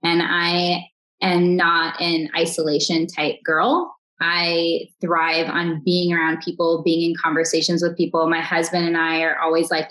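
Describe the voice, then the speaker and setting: A woman in her thirties, a podcast guest, talking earnestly and warmly upbeat in a conversational interview, often restarting her sentences. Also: fairly low pitch, flat delivery, a little slow, low-quality recording.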